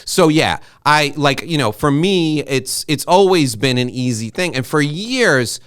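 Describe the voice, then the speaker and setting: A middle-aged American man hosting an interview, chatty and openly emotional, talking in quick asides with frequent restarts. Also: fairly high pitch, animated, a bit bright, smooth, dry recording, studio quality. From United States. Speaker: podcast host and interviewer. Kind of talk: casual interview conversation.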